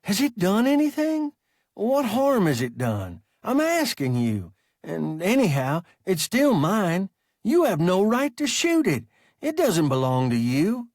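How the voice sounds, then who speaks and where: Man voicing anxious spaceman, pleading, raspy edge, lively pitch. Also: extremely slow, hardly any pauses, dry recording, clean studio sound, exaggerated voice. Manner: pleading, agitated. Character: anxious, protective young spaceman.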